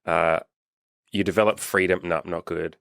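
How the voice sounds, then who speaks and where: Low-voiced man, blunt and sweary. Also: steady tone, moderate pace, creaky, a bit bright, dry recording, clean studio sound. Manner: blunt, swears freely, acts out quotes in a raised voice. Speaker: dating coach and channel host. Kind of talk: casual podcast chat.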